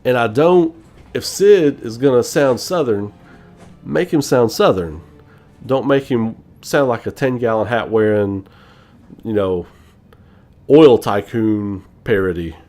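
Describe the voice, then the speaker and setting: A man hosting a gaming channel, chatting casually on a live stream in an animated, profane way, laughing often. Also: medium pitch, measured pace, soft background music.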